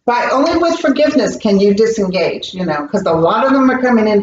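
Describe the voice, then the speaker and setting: A woman speaking as a psychic medium guest in an interview, telling stories in an earnest, animated way. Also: medium pitch, brisk, slight background noise. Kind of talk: interview conversation. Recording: roomy, distant, dull recording.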